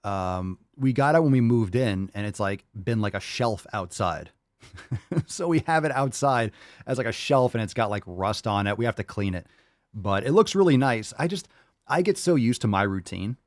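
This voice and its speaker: Man, podcast host, lowish voice, casual chat, swears, laughs a lot, dry close mic. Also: lively intonation, normal speed, no room sound. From Florida. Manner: loose and chatty, laughs often, swears casually.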